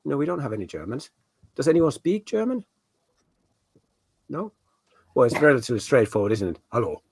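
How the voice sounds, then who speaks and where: A man's voice: mid-range voice, very animated, fairly quick, vocal fry, darkish tone, husky, no echo. A man hosting a casual quiz on a video call, joking and playful as he reads out the questions. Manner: jokey, playful. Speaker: quiz host at an online party. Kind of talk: casual virtual party quiz.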